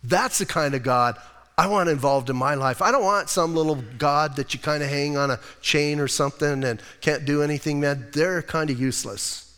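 Lively man preaching in a hall. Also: a little high, moderate pace, clean tone. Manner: casual, lively preaching with rhetorical questions. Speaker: pastor. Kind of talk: sermon. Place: church.

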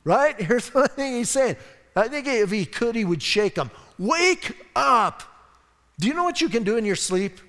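A man's voice: very high-pitched, big pitch swings, fairly quick. A man preaching a sermon as a pastor, conversational and enthusiastic, addressing a congregation in a church. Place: church sanctuary. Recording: long reverb in a church hall.

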